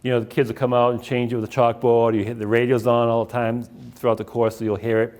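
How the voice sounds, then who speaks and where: A man's voice: medium pitch, flat delivery, fast talker, darkish tone. A middle-aged man, giving a casual talk about running, full of fillers and restarts. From Boston area. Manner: rambling, anecdotal, many fillers and restarts. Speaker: author giving a library talk.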